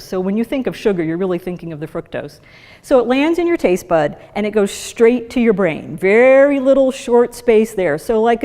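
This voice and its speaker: A woman gives a lively talk to a live audience, her voice a touch high. She acts out quick little voices as she explains. Her words ring with the long reverb of a hall. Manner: animated, acts out voices of the brain and liver. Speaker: speaker giving a talk.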